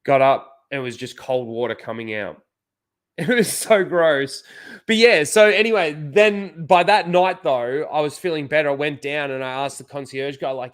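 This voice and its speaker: A man's voice: on the high side, moderate pace. A young Australian man, the show's host, telling a rambling, profane story in casual chat, full of fillers.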